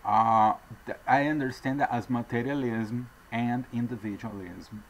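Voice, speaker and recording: A man's voice: medium pitch, steady tone, measured pace, slight background noise, rough recording. A man with a non-native English accent, talking to viewers in a digressive, earnest monologue with apologetic asides. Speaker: vlogger addressing viewers. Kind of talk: rambling off-the-cuff monologue.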